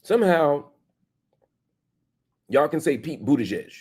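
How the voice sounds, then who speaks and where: A man in his forties hosting a show, delivering an emphatic opinion monologue full of rhetorical questions, swinging between loud and soft. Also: a little high, sing-song, measured pace, breathy edge. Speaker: show host.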